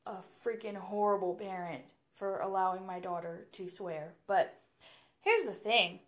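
A young woman hosts a casual solo podcast, speaking frankly and chattily with frequent laughs and plenty of "you know." Her voice is medium in pitch, bright, and forceful.

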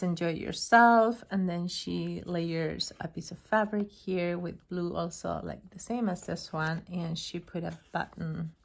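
Slow-talking woman gushing over crafts. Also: medium pitch. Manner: gushing, admiring, soft-spoken with frequent fillers. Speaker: craft channel host. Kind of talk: casual unboxing vlog.

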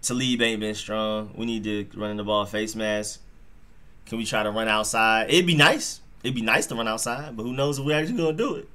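A man hosting a live football reaction stream, talking straight to his chat in an excitable, slangy way. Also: on the low side, a little fast.

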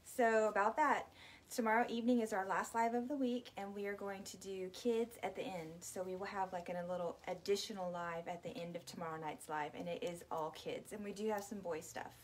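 A woman's voice: medium pitch, steady tone, a little fast, slight background noise. A woman hosting a casual live boutique sale, bubbly and chatty, a little out of breath. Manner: bubbly, chatty, apologetic asides.

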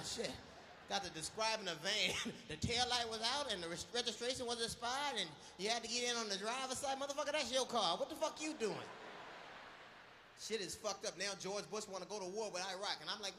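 Loud, punchy, bright-voiced comedian. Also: male voice, sits high, a little fast, a little hiss or hum. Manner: loud, profane, punchy and exclamatory. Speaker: stand-up comedian. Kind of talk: live stand-up routine.

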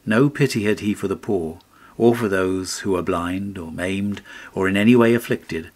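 A man reading a fairy tale aloud as an audiobook narrator, in a measured storytelling manner. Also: low-pitched.

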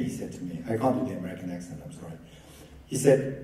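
This keynote speaker has a deep, dark voice and talks quickly and expressively, telling stories in a relaxed, lightly humorous academic lecture. The mic picks him up from afar in an echoing hall.

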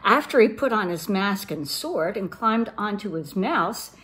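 A middle-aged woman reads a picture book to children, her voice rising and falling freely. She talks in a friendly, expressive way. Her pitch sits in the middle for a woman. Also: measured pace. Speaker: reader for a girls' program.

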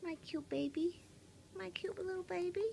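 A new mother cooing to her newborn at home in soft, often whispered baby talk. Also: very high-pitched, fairly even intonation, moderate pace, vocal fry, a little hiss or hum.

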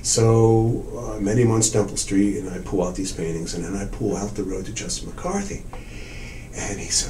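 A man's voice: mid-range voice, moderate pace, slight background noise, rough recording. An older man, an art dealer, telling stories in an oral history interview, acting out quoted lines and swearing freely. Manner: animated storyteller, acts out quotes, swears.

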